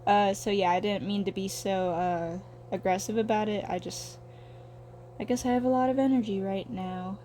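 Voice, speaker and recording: A woman's voice: mid-range voice, fairly even intonation, normal speed, warm tone, slight background noise. A young woman in her twenties talking casually while she draws, rambling and swearing with a self-deprecating streak. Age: young adult. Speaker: vlogger.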